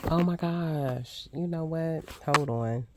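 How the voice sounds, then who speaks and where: An older woman doing a casual unboxing vlog, gushing with excited exclamations as she shows off crafting supplies. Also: low-pitched, slow pace, heavy background noise. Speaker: crafting vlogger.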